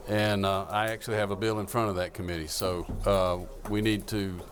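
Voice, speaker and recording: A man chairing a legislative committee, reading amendments slowly and deliberately. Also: on the low side, flat delivery.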